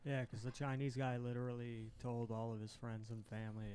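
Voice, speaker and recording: Flat-voiced, matter-of-fact man. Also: mid-range voice, fairly quick, smooth. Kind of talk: casual chat.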